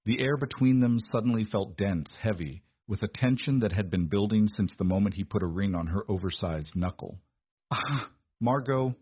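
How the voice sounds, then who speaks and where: A man narrates a romance story in a steady, measured way. His voice is low and husky. The recording sounds dull and dry, with no room echo.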